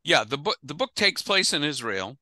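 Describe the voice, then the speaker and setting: A man leads an adult study class as its rabbi, talking over a video call. His voice is very bright and sits close and dry, with no room around it. He speaks casually and digresses often. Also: fairly high pitch, very animated, normal speed, dry recording. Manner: chatty, digressive, laughs easily. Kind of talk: casual adult-education lecture.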